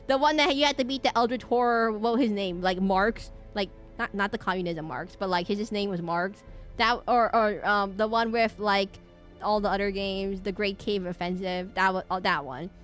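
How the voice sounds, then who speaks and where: A woman's voice: mid-range voice, fairly bright tone. A woman streaming a video game, chatting casually in a rambling, giggly way.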